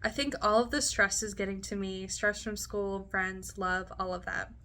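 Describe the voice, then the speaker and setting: A woman in her late twenties reads entries from her teenage diary in a casual vlog. Her voice is bright, and she is chatty and giggly, stopping often for asides. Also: mid-range voice, steady tone, moderate pace, slight background noise. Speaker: vlogger reading her old diary. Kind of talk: casual diary reading with commentary.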